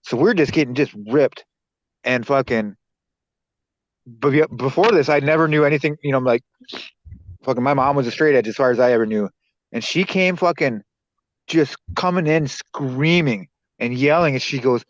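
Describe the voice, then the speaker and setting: A man's voice: medium pitch, normal speed, pauses often, dry recording. A young man, a podcast co-host, telling stories in casual chat, rambling and swearing a lot. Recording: dull dry lo-fi sound.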